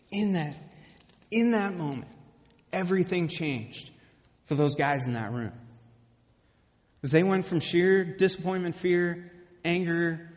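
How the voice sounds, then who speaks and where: A young man preaching a sermon with lively storytelling, often checking in with the listeners by asking "okay?". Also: high voice, slow pace, pauses often, long reverb tail.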